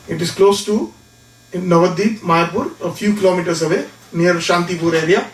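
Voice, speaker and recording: A man giving a lecture who tells a devotional story in an animated way and acts out the people in it. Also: sits high. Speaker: speaker. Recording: echoey room from far off.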